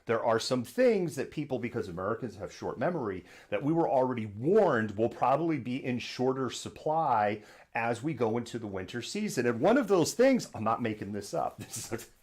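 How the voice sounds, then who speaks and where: A man hosting a live political news stream from a home studio, talking in a sarcastic, animated way and often slipping into mocking imitations. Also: medium pitch, moderate pace, breathy edge. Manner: sarcastic, acts out imagined voices.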